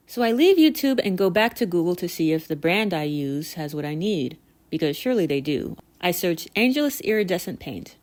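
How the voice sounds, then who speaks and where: A woman vlogger narrating a scripted story in an animated, exasperated and self-mocking way. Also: medium pitch.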